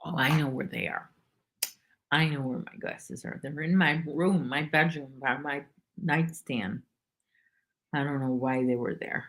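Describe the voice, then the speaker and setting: A woman talks slowly in a rambling, chatty way while she crochets on a livestream. Her voice sits low. She greets viewers by name from her home. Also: steady tone, a bit bright. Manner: rambling, chatty, reads viewers' names aloud. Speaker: livestream host. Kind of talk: casual chat while crocheting.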